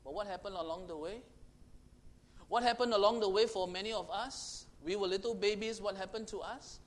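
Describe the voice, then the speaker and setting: High-voiced man preaching a sermon. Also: brisk. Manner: swings from loud proclaiming to hushed intimate tones; repetitive, emphatic phrasing.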